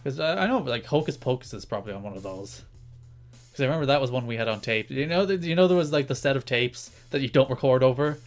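Rambling Irish podcast co-host. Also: male voice, mid-range voice, expressive, quick pace, faint music behind. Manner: rambling, repeats words and restarts often, laughs easily. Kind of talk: casual chat.

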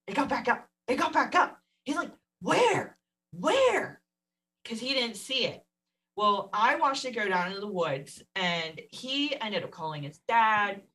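A woman tells a personal story in a relaxed, conversational way. Her pitch stays mid-range for a woman. She laughs easily, and her voice jumps up when she acts out what other people said. She sits slightly away from the microphone. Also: far from the mic, poor audio. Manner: animated, laughs often, acts out quotes. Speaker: podcast guest. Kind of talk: casual storytelling.

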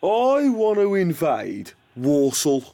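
Brief: a petulant Brummie dictator, high lively voice, dry studio sound. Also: male voice, slow, dry recording, exaggerated voice. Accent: Birmingham. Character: bumbling Midlands-accented male dictator. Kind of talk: comedy sketch acting.

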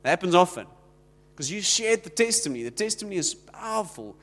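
A man's voice: high voice, sing-song, fast, fairly bright tone, big-room sound. A South African man preaching a sermon in a conversational way, acting out the little exchanges he quotes. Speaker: pastor.

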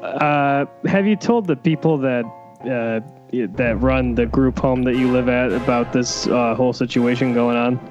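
A man co-hosting a comedy podcast, giving advice haltingly with many pauses and uhs. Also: medium pitch, a little mellow, faint music behind. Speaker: podcast co-host. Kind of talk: comic deadpan advice. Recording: dull lo-fi remote line.

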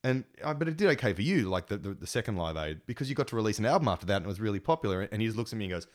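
A man's voice: fairly low pitch, very fast. A man telling stories in casual chat, swearing freely and acting out what people said. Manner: animated storyteller, swears freely, acts out quotes. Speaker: musician guest.

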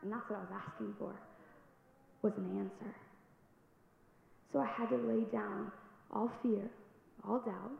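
A young woman giving a personal testimony in church, telling her story earnestly and building to loud exhortation. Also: medium pitch, fairly even intonation, measured pace, gravelly, long pauses. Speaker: youth speaker giving testimony. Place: large church sanctuary. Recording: echoey hall, dull sound, faint noise.

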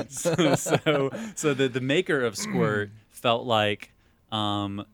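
A man's voice: medium pitch, fairly even intonation, slow, no room sound. A man co-hosting a casual podcast from a basement, explaining things in a laid-back, rambling way. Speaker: podcast co-host. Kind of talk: casual chat. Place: basement room.

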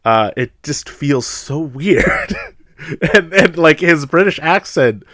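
A man's voice: fairly high pitch, lively intonation, slow pace, a bit bright, no room sound, clean studio sound. An American man in casual chat about films, laughing often and acting out quotes in funny voices. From United States.

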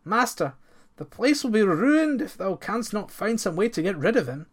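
A man's voice: sits high, very animated, moderate pace, voice pushed up. An alarmed old farm servant pleads with the master in old-fashioned speech, as a man puts him on in a storybook. The voice rises above the reader's own, urgent and raised. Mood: worried.

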